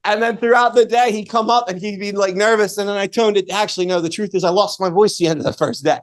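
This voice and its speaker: A man working as MC, introducing the next speaker with an energetic, laughing story. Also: sits high, fast talker. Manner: energetic, laughing, theatrical retelling.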